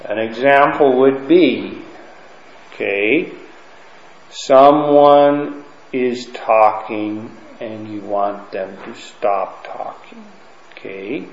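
Slow, conversational male Bible teacher. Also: medium pitch, slight background noise. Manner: conversational, keeps checking in with "okay?" and "right?". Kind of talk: Bible lesson to a class. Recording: roomy, dull lo-fi room recording.

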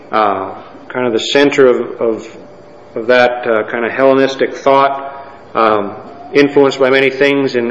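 A male pastor in a church sanctuary delivers a sermon at an ordinary pitch, reading scripture and teaching in a measured, halting way. His voice carries a long hall reverb and the sound is muffled and lo-fi. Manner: measured, with frequent pauses and fillers.

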